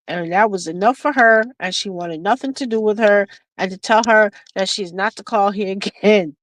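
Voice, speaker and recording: A woman's voice: mid-range voice, a bit bright, no echo, low-quality recording. A woman hosting a casual beading stream, telling a family story with lots of laughter and restarts. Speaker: craft livestream host. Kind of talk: casual chat while beading.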